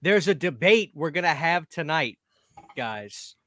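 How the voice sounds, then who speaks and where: A man's voice: a little high, expressive, unhurried, fairly bright tone, no room sound, studio quality. A man hosting a casual livestream, upbeat and reading out chat names. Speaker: livestream host.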